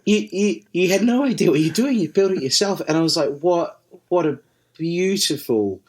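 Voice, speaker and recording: A man's voice: high voice, expressive, quick pace, darkish tone, a little hiss or hum. A man with a New Zealand accent, a podcast guest telling stories in a casual chat, swearing freely and laughing often. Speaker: podcast guest, distillery managing director. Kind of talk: casual conversational storytelling.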